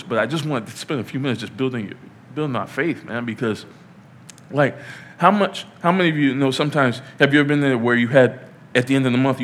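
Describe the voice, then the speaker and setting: Male pastor, 30s, informal sermon in church, playful and chatty with emphatic peaks, mid-pitched voice. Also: a bit bright.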